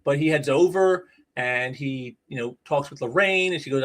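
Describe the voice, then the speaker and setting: A man's voice: medium pitch, moderate pace, few pauses, fairly bright tone. A man casually talking through a comic book issue, rambling with lots of fillers and restarts. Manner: rambling, many "you know" fillers and restarts. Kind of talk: casual spoken review.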